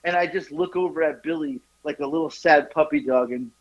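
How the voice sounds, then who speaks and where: A man co-hosting a podcast, telling a profane story in a casual, animated way and jumping into high voices for the people he quotes. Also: a little fast. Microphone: phone call. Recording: dull lo-fi phone line.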